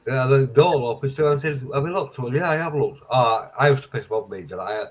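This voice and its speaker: A man's voice: mid-range voice, fairly quick, low-quality recording. A man in casual chat, swearing freely and acting out both sides of remembered conversations. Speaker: friend in conversation.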